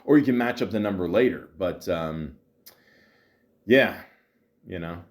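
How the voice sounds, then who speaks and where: A man with a fairly low voice talks alone on his podcast in a loose, rambling monologue. He swears freely, chuckles often and keeps restarting his sentences. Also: lively intonation, measured pace. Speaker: podcast host. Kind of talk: casual solo podcast monologue.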